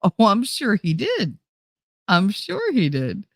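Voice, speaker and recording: This streamer's pitch swoops wildly as she talks slowly to her livestream audience, cursing, laughing often and letting her voice climb and drop. Captured on a desk mic, the studio-quality audio has no room sound.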